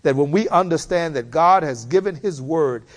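A man preaching a sermon, slow and emphatic, building repeated appeals to his listeners. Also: on the high side, lively intonation.

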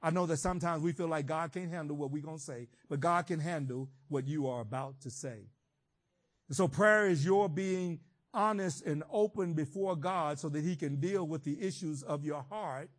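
A man preaching a sermon, swinging between shouted emphasis and quiet, reflective teaching. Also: on the high side, moderate pace.

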